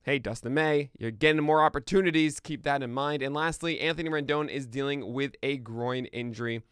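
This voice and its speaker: A man from the United States hosts a live morning podcast in a chatty, self-deprecating way, laughing at his own asides before he settles into a brisk rundown. His voice is smooth and clean, recorded close and dry at a streaming desk. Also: mid-range voice, a bit bright, no echo. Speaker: podcast host. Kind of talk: casual live-stream chat, then news rundown. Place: home studio, streaming live.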